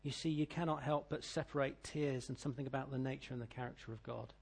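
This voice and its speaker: A middle-aged British man preaching a sermon, reading scripture and telling stories, swinging between loud declaiming and quiet asides. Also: medium pitch, fairly even intonation, quick pace, creaky, slightly rough. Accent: British English. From Britain.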